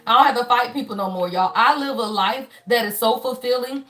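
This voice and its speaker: Her voice is a little high, brisk, pushed and bright as she, a spiritual reader and life coach in her fifties, offers a reading to her viewers. The delivery is emphatic and sermonizing, laced with profanity, and she circles back to the same phrases for her listeners.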